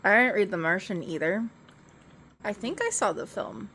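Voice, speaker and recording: Relaxed, chatty woman streamer. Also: medium pitch, normal speed, slightly rough. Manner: relaxed, rambling, laughs easily. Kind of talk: casual chat.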